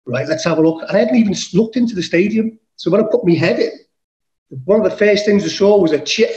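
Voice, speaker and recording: A man's voice: high-pitched, darkish tone, echoey room, lo-fi sound. Man telling a rowdy, swear-filled story. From England. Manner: swears casually, acts out his own quotes. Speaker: podcast guest. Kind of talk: animated storytelling.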